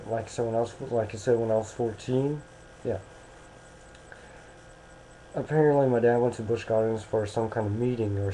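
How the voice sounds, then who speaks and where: A young American man talks casually into a webcam in a warm, mid-range voice, rambling hesitantly with many restarts. The recording is low quality, with a little hiss or hum.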